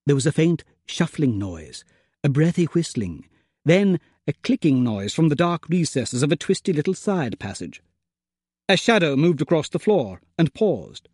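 A man narrating a comic adventure in the first person, with plummy, gentlemanly turns of phrase. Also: on the high side, sing-song, moderate pace, husky, dry recording, clean studio sound. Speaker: audiobook narrator.

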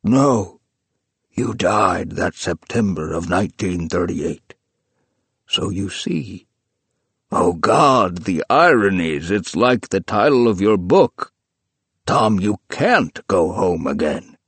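A man's voice: low voice, animated, takes it slowly, a bit bright, breathy edge, no echo, exaggerated voice. A man voicing an earnest elderly man who coaxes and pleads. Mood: coaxing. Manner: urgent, coaxing, pleading.

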